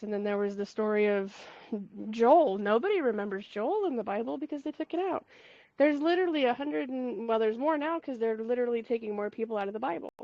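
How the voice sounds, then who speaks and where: A woman's voice: on the high side, warm tone, no echo, lo-fi sound. A woman hosting a community call, chatting casually and rambling through asides with frequent laughs. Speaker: host of a spiritual community call. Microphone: call mic.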